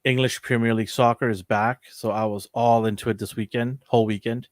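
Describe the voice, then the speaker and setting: A man's voice: mid-range voice, fairly even intonation, fairly quick, no echo, studio quality. A man co-hosting a casual podcast chat, teasing and laughing often. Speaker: podcast co-host.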